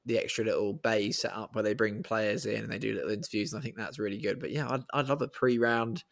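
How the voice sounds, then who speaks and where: A man's voice: fairly low pitch, steady tone, fast, gravelly. A man co-hosting a casual podcast chat over a remote call, often laughing and restarting. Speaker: podcast co-host. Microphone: remote call mic.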